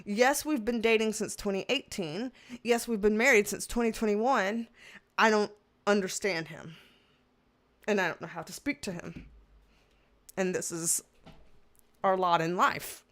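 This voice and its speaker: A woman's voice: medium pitch, unhurried, long pauses, a bit bright. A woman in her thirties hosting a casual livestream, reading comments and chatting with exasperated humor and frequent laughter. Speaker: tarot livestream host.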